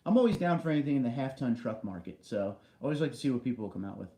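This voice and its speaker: A man with an ordinary mid-pitched voice hosts a relaxed livestream from a large indoor basement room, and his voice echoes around the space. He chats away, reading viewer comments aloud and answering them, with racing also noted.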